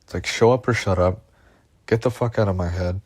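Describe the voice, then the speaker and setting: A man with a very low voice talks through an anxious, rambling monologue. He swears often and loops back over the same worries. The sound is dry and close, like a phone voice memo. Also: fairly quick, no room sound. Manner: anxious, agitated, profane, repeats himself.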